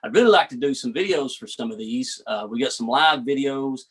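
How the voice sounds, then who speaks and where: A man's voice: medium pitch, animated, a little fast, fairly bright tone, breathy edge. A man with a Southern US accent, a country singer chatting as a guest in a laid-back drawl, often calling the host "man". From United States. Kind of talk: casual interview chat.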